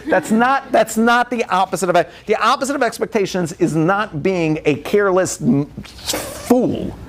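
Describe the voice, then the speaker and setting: A man's voice: high voice, unhurried. A man, a rabbi giving a humorous lecture, telling family stories and acting out the dialogue with lots of laughter. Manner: animated storytelling, acts out dialogue, frequent laughter.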